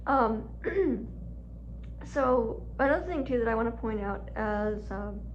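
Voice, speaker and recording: Brief: woman vlogger, rambling casual chat full of "like", higher voice, dull lo-fi sound with faint hum. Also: animated, slow pace. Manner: chatty, heavy use of "like", laughs often. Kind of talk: casual storytelling vlog. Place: home room with furnace running.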